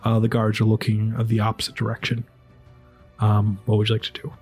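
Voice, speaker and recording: A man's voice: on the low side, completely flat delivery, a little fast, darkish tone, faint music behind. A man narrating a tabletop game as game master, casual and rambling.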